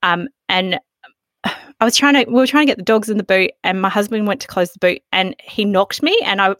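A woman's voice: medium pitch, fairly bright tone, dry recording, studio quality. A woman co-hosting a podcast, reacting with sympathy and then telling a story of her own in a casual way. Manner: sympathetic, quick interjections. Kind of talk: casual chat.

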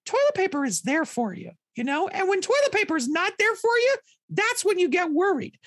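Squeaky puppet toilet roll, jokey and chatty, bounces all over the place. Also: male voice, big pitch swings, brisk, a bit bright, dry recording, clean studio sound, heavily acted. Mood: chirpy. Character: chatty talking toilet paper roll puppet, eager showbiz ham. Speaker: puppet guest. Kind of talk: comic puppet interview.

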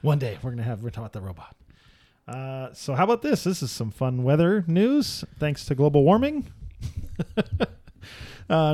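A man's voice: a little high, sing-song, normal speed, pauses often, mellow, no room sound. A man co-hosting a casual podcast, reading news items aloud with jokes and narrating a video as he watches. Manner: reads news aloud, jokey, narrates what is on screen. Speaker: podcast co-host. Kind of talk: casual chat. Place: podcast studio.

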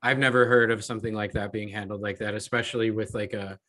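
A man's voice: fairly low pitch, fairly even intonation, fast talker, a bit bright. Candid man hosting a podcast. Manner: reflective, candid, casual. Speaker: podcast host. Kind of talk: conversational interview.

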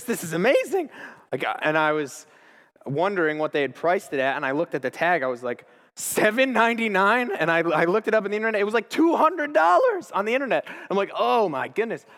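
A young man in his twenties gives an informal sermon in a slightly high voice, full of enthusiasm and slang. He tells stories with frequent restarts, and the voice carries a long hall reverb. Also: a bit bright. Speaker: speaker at a church gathering.

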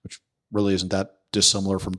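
A man's voice: deep voice, monotone, fast, fairly bright tone. A man hosting a podcast, telling a story in casual conversation, acting out the voices he quotes and swearing freely. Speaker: podcast host.

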